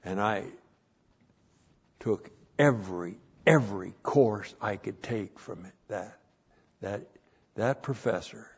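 A man preaching a sermon and teaching the Bible as a pastor, repeating phrases and rising loud to stress a point. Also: on the low side, slow pace, pauses often, slightly rough. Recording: dull lo-fi recording.

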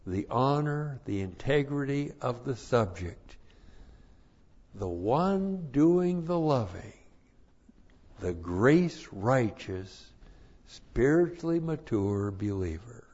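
A man preaching a sermon, slow and deliberate, repeating his numbered points for emphasis. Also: mid-range voice, lively intonation, darkish tone, dull audio.

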